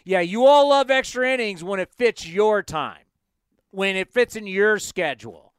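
A man in his fifties hosting a sports talk show, excitable and self-mocking as he tells stories. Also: high-pitched, measured pace, clean tone, no echo, studio quality. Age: 50s. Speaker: sports radio host.

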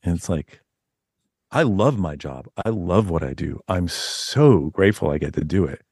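Low-voiced man telling animated stories. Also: moderate pace, husky, no echo, clean studio sound. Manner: rambling, animated storyteller with many restarts. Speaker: author guest. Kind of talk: casual podcast interview.

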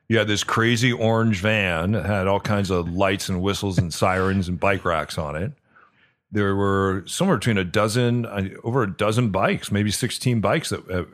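A man in his fifties with a fairly low voice, hosting a casual conversation. He asks friendly, rambling questions and often restarts his sentences. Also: a bit bright. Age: 50s. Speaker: podcast host. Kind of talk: casual interview chat.

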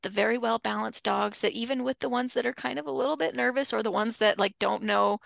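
A woman from a dog daycare chatting casually, often slipping into loud playful impressions of calling dogs. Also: a little high, fast talker, vocal fry, no echo. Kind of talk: casual interview talk.

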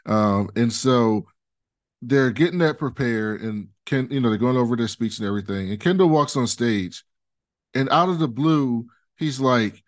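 A man's voice: mid-range voice, animated, moderate pace. A man co-hosting a podcast, casually recapping a TV episode in a loose, rambling way with many fillers. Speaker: podcast co-host.

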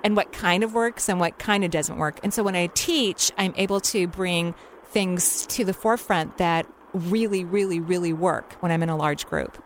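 A woman hosting a call-in radio show, giving a caller gentle intuitive career guidance with an encouraging, unhurried manner. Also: lowish voice, slight background noise. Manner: soothing, encouraging, unhurried with many fillers.

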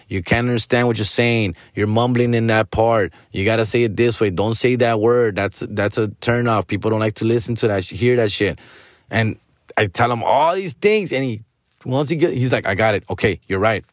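A man's voice: on the low side, no echo, studio quality. Profane man ranting. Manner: profane, slangy, mixes in Spanish. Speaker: podcast host. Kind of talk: casual storytelling rant.

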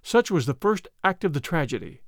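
A man narrating a classic tale as an audiobook reading, in an expressive, dramatic manner. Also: fairly high pitch, a little fast, no room sound, clean studio sound.

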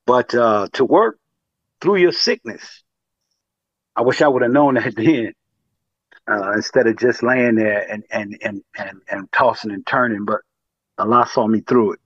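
A man calling in to share his story and advice, speaking haltingly with many pauses and fillers. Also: medium pitch, fairly bright tone, husky, no room sound, highs cut off. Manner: halting, many fillers, addresses listener as beloved. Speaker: caller. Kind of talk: call-in sharing testimony and advice.

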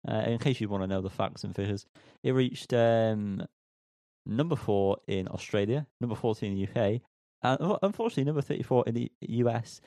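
A man's voice: medium pitch, brisk, warm tone, dry recording. A man co-hosting a podcast in casual chat, rambling with many ums and teasing himself. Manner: rambling, self-mocking, lots of ums. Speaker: podcast co-host.

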